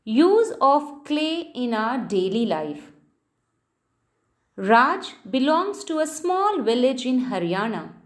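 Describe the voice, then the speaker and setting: A woman with an Indian English accent teaching a lesson to children, speaking slowly and patiently and spelling words out letter by letter. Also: on the high side, sing-song. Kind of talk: scripted classroom lesson for children.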